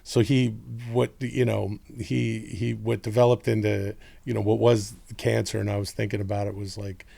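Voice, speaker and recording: A man's voice: on the low side, little pitch movement, moderate pace, gravelly, few pauses, mellow. A middle-aged man chatting casually as a podcast guest, rambling through a family story and swearing freely. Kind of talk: casual chat.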